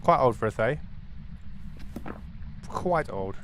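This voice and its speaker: A young man streaming a horror game, talking to his chat in an excitable, swearing manner. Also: mid-range voice, takes it slowly, slight background noise. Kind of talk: live gaming stream commentary.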